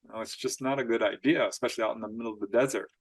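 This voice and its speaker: Guy telling weird stories, laughs a lot, acts out the quotes, middle pitch. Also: rapid-fire, creaky, husky. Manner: animated storyteller, laughs often, acts out quotes. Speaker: author guest. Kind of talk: storytelling interview.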